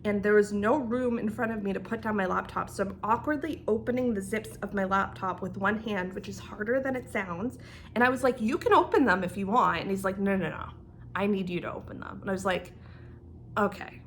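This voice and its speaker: A young woman from Canada telling an animated storytime as a knitting vlogger, laughing as she goes and acting out the dialogue. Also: mid-range voice, a little fast, a little hiss or hum. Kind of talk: casual storytime.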